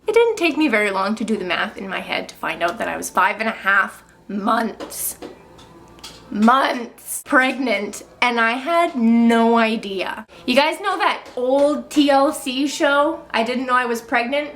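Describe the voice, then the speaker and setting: A woman's voice: on the high side, expressive, moderate pace, few pauses, fairly bright tone. A young woman in her twenties telling a personal story to camera in a casual, chatty way, full of fillers. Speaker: vlogger.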